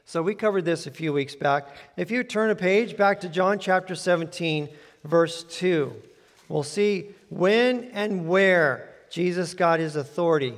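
High-voiced man preaching in a hall. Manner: reads scripture aloud, then explains it conversationally. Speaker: pastor. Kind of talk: expository sermon. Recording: long hall reverb.

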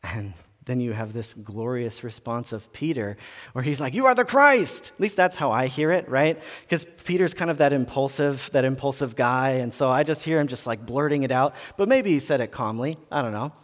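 A man preaching a sermon in a conversational, animated way, often restarting phrases. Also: medium pitch, moderate pace. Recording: long reverb of a large room.

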